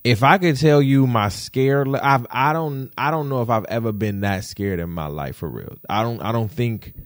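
A man's voice: mid-range voice, normal speed, dry recording. Young new guy venting a story to his viewers, keeps restarting, dry room. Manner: repetitive, restarting, addresses viewers as y'all. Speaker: vlogger.

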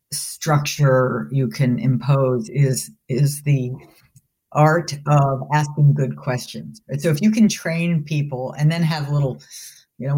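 A woman's voice: extremely low pitch, dark tone. A woman professor of leadership answering interview questions in a thoughtful, explanatory way, often restarting her phrases. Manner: thoughtful and explanatory, with frequent restarts and "you know". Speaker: guest, business school professor of leadership.

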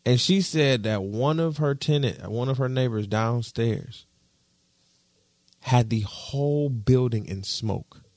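A man from Detroit, co-hosting a podcast, telling a story in an animated, profane way and repeating himself for emphasis. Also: mid-range voice, takes it slowly, dry recording. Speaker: podcast co-host. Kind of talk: casual chat.

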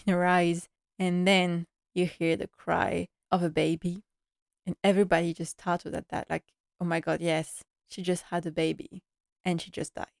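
A woman talks through a drama episode in a casual recap. Her voice is fairly low and stays flat in its tune. She sounds earnest and emotional, fills her talk with likes, and the sound is close and dry. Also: no room sound. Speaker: TV series recap vlogger.

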